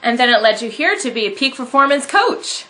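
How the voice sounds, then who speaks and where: A woman's voice: a little high, big pitch swings, brisk, bright, forceful tone. A woman hosting an interview, giving brief encouraging responses and questions. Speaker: interview host.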